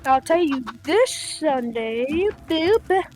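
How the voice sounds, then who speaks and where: High-voiced young woman rambling to viewers. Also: lively intonation, takes it slowly, a little mellow. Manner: rambling, many fillers and playful asides. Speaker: gaming channel host. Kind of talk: casual chat to viewers.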